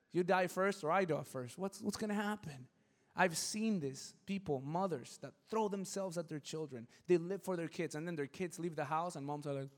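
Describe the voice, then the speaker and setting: High-voiced animated male pastor preaching. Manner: animated preaching, swings from quiet to shouting; conversational, keeps asking if listeners follow. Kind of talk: sermon.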